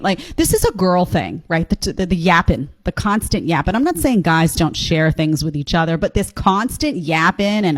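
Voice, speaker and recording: A woman's voice: on the low side, very animated, moderate pace, few pauses, no echo. Blunt, sarcastic woman commentator. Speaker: reaction video host. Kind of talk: opinionated commentary on clips.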